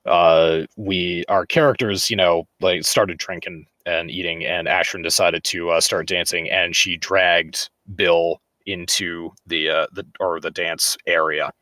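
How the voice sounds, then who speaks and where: A man's voice: deep voice, steady tone, unhurried, few pauses, bright, forceful tone, no echo. A man co-hosting a podcast in casual chat, rambling with lots of fillers. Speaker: podcast co-host.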